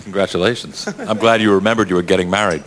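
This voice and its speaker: A man's voice: low voice, steady tone, fast talker, very noisy. A middle-aged man who directs, bantering and teasing on a convention press panel. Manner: joking and teasing.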